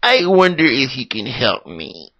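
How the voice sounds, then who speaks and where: Man doing a storybook frog, sad and pathetic, whining, bright voice, slow and drawn out. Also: medium pitch, huge pitch swings, slightly rough, lo-fi sound, voice pushed up, heavily acted. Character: pitiful frog claiming to be a prince.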